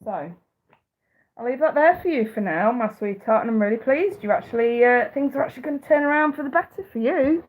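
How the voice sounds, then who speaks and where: A British psychic reader in her thirties chats casually on a live stream, blunt, profane and often laughing. Her fairly high-pitched voice is animated and fairly quick, and the audio sounds tinny, like a phone.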